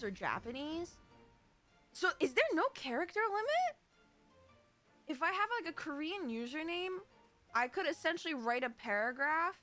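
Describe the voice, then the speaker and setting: An American woman streamer chatting casually, giggly and excitable. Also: sits high. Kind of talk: casual live-stream chat.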